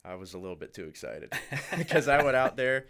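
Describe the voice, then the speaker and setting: A man's voice: medium pitch, fairly quick, vocal fry. A young man, a podcast regular who races cars, telling casual stories with lots of laughter. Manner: animated, laughs through his stories. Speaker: podcast guest, race car driver. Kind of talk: casual storytelling.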